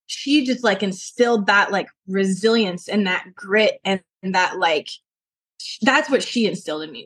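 A young adult woman from Colorado, a podcast guest, talking earnestly and telling animated stories with lots of fillers. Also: mid-range voice, normal speed. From Colorado, USA. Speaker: podcast guest, martial arts instructor. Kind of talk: casual interview talk.

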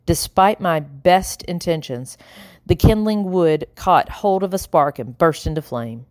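A woman reading an audiobook in a measured, expressive narrating style. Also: fairly low pitch, dry recording, clean studio sound. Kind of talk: scripted narration.

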